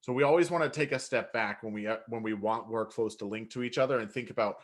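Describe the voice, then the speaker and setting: A man co-hosting a live software webinar, jumping in to answer viewer questions in a conversational way with frequent restarts. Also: fairly low pitch, fast.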